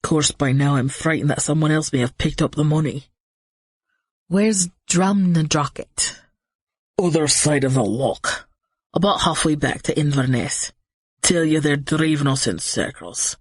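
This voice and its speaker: A woman voicing a gruff older man in an audiobook, rattled and blunt. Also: low-pitched, measured pace, no echo. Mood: agitated.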